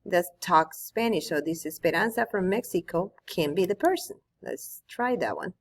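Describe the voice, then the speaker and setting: A woman's voice: fairly low pitch, lively intonation, normal speed. A woman teacher walking students through an online tool, patiently explaining step by step at her computer. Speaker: Spanish teacher. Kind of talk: screen-recorded tutorial.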